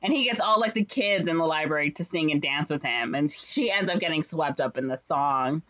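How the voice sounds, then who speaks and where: Woman, casual podcast chatter, lowish pitch, muffled lo-fi sound, playful character voices. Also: a little fast. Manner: animated retelling with frequent fillers and playful put-on voices. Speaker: podcast co-host retelling a musical. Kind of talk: casual chat.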